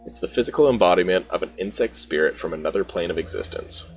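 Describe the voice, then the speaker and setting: Guy reading a sly know-it-all elf, low gravelly voice. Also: expressive, fast talker, slight background noise. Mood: wry. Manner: reads game dialogue aloud without doing a voice. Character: witty, knowing painted elf lecturer.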